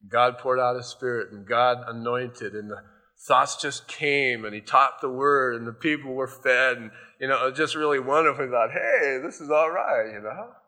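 A man's voice: medium pitch, steady tone, moderate pace, pushed and bright. A male pastor giving a sermon in a loose, conversational storytelling way, often adding "you know".

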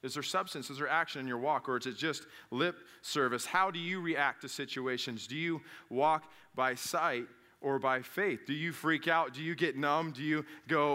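A man, a father, preaching a conversational sermon, putting questions to the congregation and jumping to loud emphatic peaks. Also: on the high side, moderate pace, hardly any pauses. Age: adult father. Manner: talks directly to the congregation with questions.

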